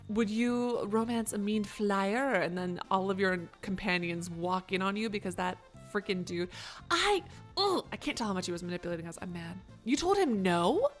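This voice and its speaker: A woman live-streaming a game, chatting casually with her viewers, reacting loudly and swearing. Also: mid-range voice.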